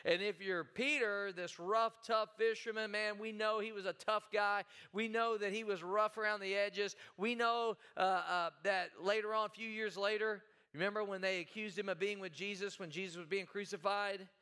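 A man's voice: sits high, steady tone, normal speed, few pauses, pushed and bright, clear, resonant tone. A male pastor preaching a sermon in a folksy, conversational way, often stumbling and repeating words.

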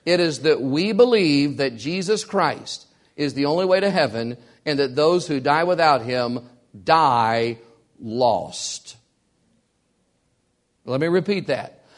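A man's voice: on the high side, animated, slow. A man preaching a sermon as pastor, emphatic and repeating key lines for weight.

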